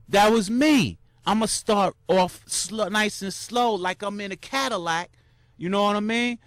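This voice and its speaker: A young man tells his story in a loose, slangy ramble full of restarts. His voice sits high for a man, and it jumps up whenever he acts out the crowd cheering. The sound is dry and close, with almost no room around it. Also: a little slow, dry recording. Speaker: vlogger recounting a marathon. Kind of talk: casual storytelling monologue.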